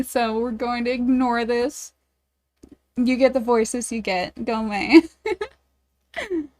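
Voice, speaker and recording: A bubbly woman streamer with a somewhat high voice, reading a magic dating game aloud at an unhurried pace. She chats with her viewers in between, giggly and self-deprecating.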